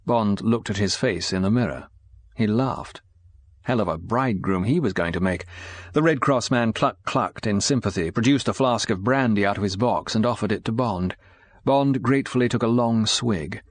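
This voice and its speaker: A male audiobook narrator reading in a measured, even way. His voice sits on the low side, and the recording is dry and close with no room sound. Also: no echo. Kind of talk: scripted narration.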